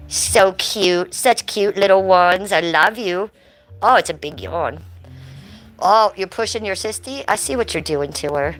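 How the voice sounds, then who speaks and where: Strolling through her home and onto the porch, this American livestream host chats away with her audience and baby-talks her pets. She speaks at a medium pitch, unhurried and a little bright, on a low-quality recording.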